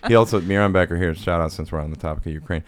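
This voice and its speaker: Podcast host, man, extremely deep voice, casual rambling storyteller, crude and self-deprecating. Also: very fast, dry recording. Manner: rambling, profane, self-mocking with quoted impressions.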